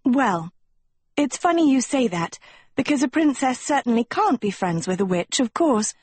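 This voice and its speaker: A woman voicing a vain, preening teenage girl who would be princess, sweetly haughty and scornful, with a husky voice. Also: fairly high pitch, sing-song, moderate pace, darkish tone, no echo, pitched above the performer's own voice. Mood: sweetly coy.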